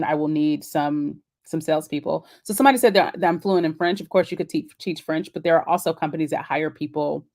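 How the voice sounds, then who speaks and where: Woman, low voice, live-stream host, chatty and encouraging, casual and unscripted. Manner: chatty, encouraging, answers comments on the fly.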